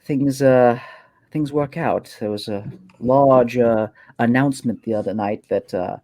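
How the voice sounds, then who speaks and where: A man's voice: medium pitch, measured pace, warm tone, dry recording, lightly acted. A man voicing a gracious, composed woman who runs a bar and fondly calls people "my dear". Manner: addresses others fondly as "my dear".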